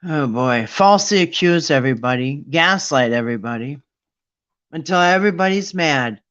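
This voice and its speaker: A man's voice: a little high, expressive, normal speed, fairly bright tone, muffled recording. A man hosting a casual live stream, talking in an indignant, mocking way and rambling with restarts. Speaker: livestream host.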